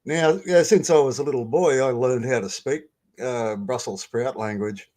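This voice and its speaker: A man's voice: medium pitch, a little mellow. Rambling man at an open mic. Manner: rambling, halting, with many fillers. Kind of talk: casual stand-up ad lib.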